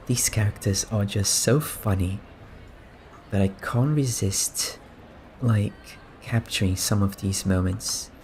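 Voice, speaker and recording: A man gives soft-spoken gameplay commentary in a low voice, slow and unhurried. He muses in a relaxed, amused way, with a faint hiss under his voice. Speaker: gaming streamer.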